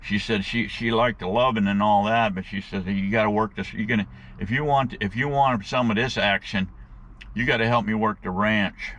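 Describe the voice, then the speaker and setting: A man telling a rambling, folksy story to his viewers in a casual, animated way, with plenty of slang, and he calls them guys. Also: lowish voice, moderate pace. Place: outdoors.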